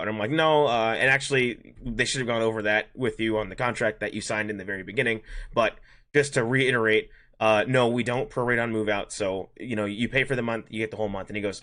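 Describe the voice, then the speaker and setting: A man's voice: fairly low pitch, steady tone, a bit bright. A man hosting a podcast, rambling through a work story in casual chat and acting out both sides of the dialogue. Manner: fast, rambling anecdote with acted-out dialogue. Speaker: podcast host.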